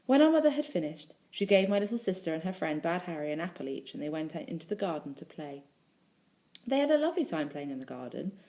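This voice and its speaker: A woman's voice: fairly low pitch, very animated, fast talker, dark tone. A female primary school teacher reading a storybook aloud expressively, stopping to talk to the children listening.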